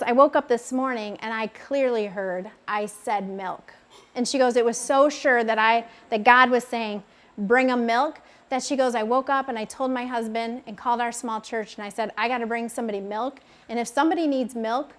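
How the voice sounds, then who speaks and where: A woman in her thirties telling a personal faith testimony, with lively storytelling, lots of filler words and acted-out quotes. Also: on the high side, normal speed. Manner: animated storytelling, acts out quoted voices, many fillers of "like". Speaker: speaker sharing a faith testimony.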